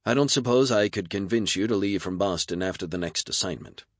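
A man's voice: deep voice, fairly quick, no echo, clean studio sound, pitched above the performer's own voice. A man voicing a practical young woman news producer who speaks bluntly and matter-of-factly.

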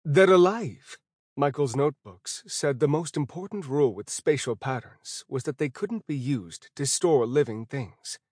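A man narrating a first-person fantasy audiobook in a steady, even storytelling voice. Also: mid-range voice, moderate pace, hardly any pauses, slightly rough, no echo, clean studio sound.

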